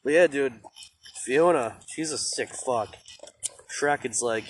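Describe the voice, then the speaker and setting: A man's voice: medium pitch, takes it slowly, a little hiss or hum. A young man co-hosting a podcast in casual chat, laid-back and crude, joking and laughing often. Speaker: podcast co-host.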